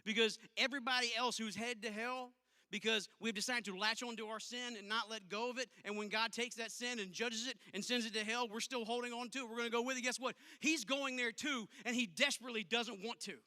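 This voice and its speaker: A youth pastor, preaching to teens in an emphatic, conversational way with punchy asides. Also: male voice, very high voice, steady tone, brisk, sharp tone. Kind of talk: youth sermon. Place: church auditorium. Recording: long reverb of a large hall.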